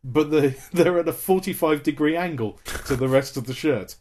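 A man from Britain co-hosting a podcast in casual chat, jokey, with quick asides and a lot of laughter. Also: fairly high pitch, a little mellow. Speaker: podcast co-host.

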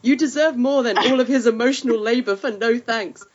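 A woman's voice: fairly high pitch, fairly quick, background noise, natural voice. A woman reading the part of a sympathetic, frank woman who comforts a friend, soothing but blunt and swearing casually. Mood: consoling. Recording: slightly muffled lo-fi audio.

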